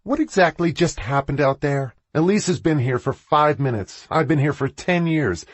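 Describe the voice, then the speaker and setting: A man's voice: mid-range voice, very animated, normal speed, breathy edge, no echo, highs cut off, voice pushed up. A man voicing a furious sarcastic office woman. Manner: biting, sarcastic delivery.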